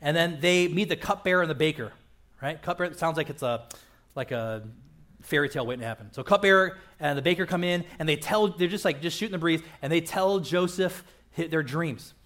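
High-voiced pastor, chatty and joking. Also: male voice, a little fast, a bit bright. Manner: chatty and joking, keeps asking "right?". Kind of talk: conversational sermon. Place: church auditorium.

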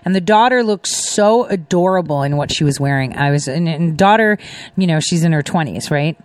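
A woman's voice: sits low, lively intonation, brisk, darkish tone, no room sound. Chatty middle-aged woman host. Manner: chatty storytelling with laughing asides. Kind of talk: casual commentary.

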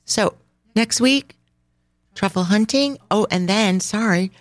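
A woman's voice: medium pitch, takes it slowly, no room sound. A woman co-hosting a travel podcast, telling a story in casual chat, rambling and laughing often. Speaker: podcast co-host.

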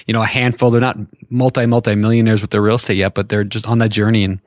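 Fast-talking man from Minnesota. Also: on the low side, little pitch movement, no echo, studio quality. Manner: chatty, enthusiastic. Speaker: podcast co-host. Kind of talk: casual podcast chat.

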